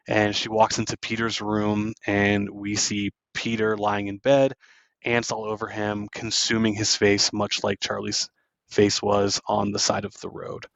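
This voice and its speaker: A man's voice: lowish voice, a bit bright, no room sound, highs cut off. A man hosting a podcast, loosely retelling a film scene by scene with plenty of fillers. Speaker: podcast host. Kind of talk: casual film recap.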